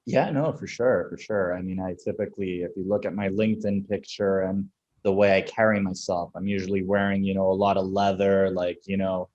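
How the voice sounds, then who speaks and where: A man's voice: sits low, fairly even intonation, brisk, a little mellow, muffled recording. A young man from Venezuela, a tech founder, speaking as an interview guest in a casual, candid way. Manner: casual, candid, laughs through anecdotes. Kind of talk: conversational interview.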